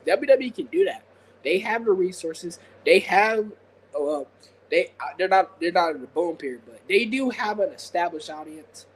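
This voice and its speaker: Rambling high-voiced man chatting. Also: a little hiss or hum, poor audio. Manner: rambling, filler-heavy, laughs often. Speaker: podcast co-host. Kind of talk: casual chat.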